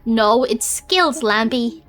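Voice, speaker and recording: A woman streamer in a relaxed call with her friends, drawn-out and slow in her speech. Her voice sits a little high and she teases and gasps easily. Soft game music plays faintly underneath. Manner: teasing, excitable, slow-spoken. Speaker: streamer hosting a group call. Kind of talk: casual chat between gamer friends.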